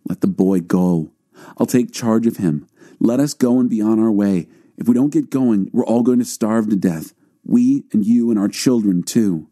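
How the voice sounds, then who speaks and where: A man's voice: fairly low pitch, mellow, lightly acted. A man reading the lines of an earnest grown brother who pleads urgently with his father.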